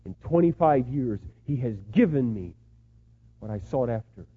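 A man's voice: medium pitch, lively intonation, normal speed, husky. Impassioned middle-aged male preacher, muffled sound. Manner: swings from hushed, tender asides to loud, impassioned pleas. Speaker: pastor. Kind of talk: sermon.

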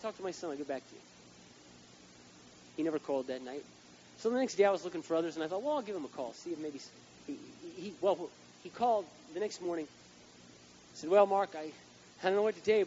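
Animated storytelling pastor, man. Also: a little high, lo-fi sound, a little hiss or hum. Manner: storytelling, animated, rising to loud emphatic peaks. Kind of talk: sermon.

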